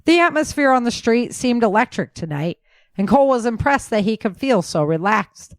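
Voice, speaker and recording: A woman's voice: fairly high pitch, moderate pace, no room sound. Woman narrating an audiobook, dry sound. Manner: steady storytelling.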